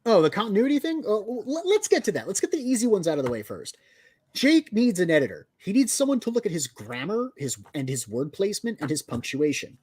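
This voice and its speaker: A man co-hosting a casual comic review chat, animated and picky about details. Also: high-pitched, fairly quick, husky, no echo. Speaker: podcast co-host.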